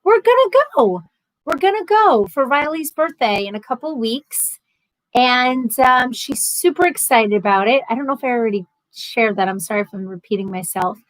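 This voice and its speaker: A woman's voice: a little high, expressive, normal speed, fairly bright tone, poor audio. A woman in her thirties hosting a casual livestream from home, chatting and reading out viewer comments with lots of ums and restarts. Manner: chatty, rambling, frequent ums and self-corrections. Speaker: livestream host.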